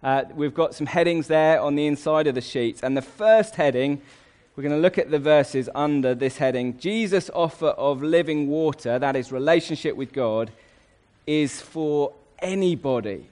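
A man delivers a sermon from a Bible passage. His voice sits a little high. He is emphatic and slows right down to stress the words that matter. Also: a little mellow. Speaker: preacher.

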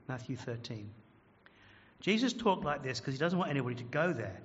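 A man's voice: medium pitch, expressive, fairly quick, big-room sound, muffled recording. A man preaching a sermon as pastor, earnest and emphatic, often asking the congregation questions. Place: large church.

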